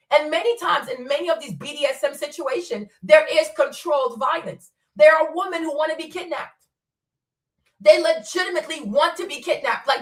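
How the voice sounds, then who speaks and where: High-pitched blunt woman, echoey room. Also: recorded from a distance. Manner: blunt, profane, animated, laughs often. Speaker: commentary host. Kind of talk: casual commentary stream.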